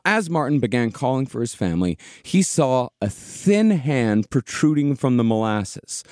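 A man's voice: mid-range voice, a little mellow, no echo, studio quality. Man narrating a grim history story. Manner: measured storyteller with casual swearing. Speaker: podcast host.

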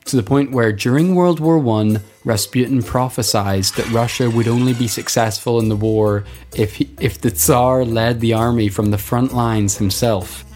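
A man casually telling a history story to a co-host on a podcast, relaxed and joking. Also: mid-range voice, normal speed, hardly any pauses. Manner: laid-back, laughs along, retells events with put-on quotes.

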